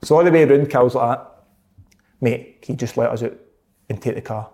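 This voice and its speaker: In a lo-fi recording, a Scottish-accented man casually recounts a story, laughing a lot and acting out quotes with animation. He has a mid-range voice and talks a little fast.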